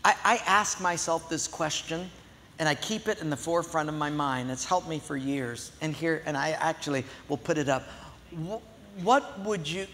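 A middle-aged male pastor giving a sermon in a large church, animated and conversational. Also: fairly high pitch, normal speed, slight background noise. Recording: long echo of a big hall.

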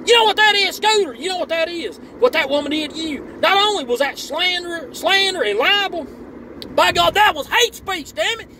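A man voicing a loud, foul-mouthed, hot-tempered male superfan in a comedic rant video, drawling and cursing in a Southern US accent. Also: extremely high pitch, expressive, normal speed, background noise, pitched above the performer's own voice. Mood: indignant.

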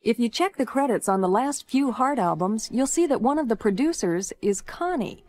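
A woman radio host reading scripted links in a smooth announcer delivery. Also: a little high, lively intonation, moderate pace, darkish tone. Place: radio studio.

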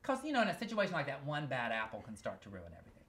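A man reading from his comic memoir, telling the story in an animated, exaggerated way. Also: medium pitch, racing. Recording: noisy live recording.

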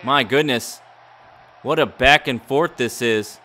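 Gaming YouTuber, male, mock ring-announcer play-by-play, bright and punchy, excitable. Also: mid-range voice, slow. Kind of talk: play-by-play game commentary.

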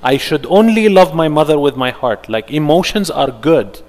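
A man teaching an interactive religious workshop, animated and firing rhetorical questions at his audience. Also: on the high side, moderate pace, in a large hall.

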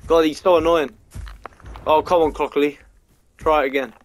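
A man giving let's-play game commentary, swearing a lot and swinging between frustration and excitement. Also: on the high side, normal speed, very noisy. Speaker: gamer.

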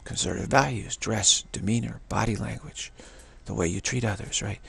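A man's voice: on the low side, moderate pace, vocal fry, bright, forceful tone, breathy edge. A man giving a casual religious monologue, rambling and often repeating words and restarting sentences. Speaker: religious commentator.

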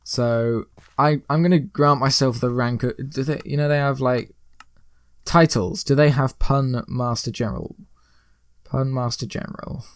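A man's voice: medium pitch, fairly even intonation, unhurried, no echo, studio quality. A man hosting a let's play, giving rambling, joking gameplay commentary full of puns. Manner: rambling, joking, pun-loving.

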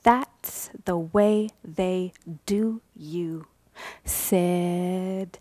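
Very slow, dry-voiced woman poet. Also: medium pitch, fairly even intonation, no room sound. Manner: rhythmic, incantatory repetitions, dropping at times to a whisper; chatty and laughing between poems. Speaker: poet reading her work. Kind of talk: live poetry reading. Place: university reading event.

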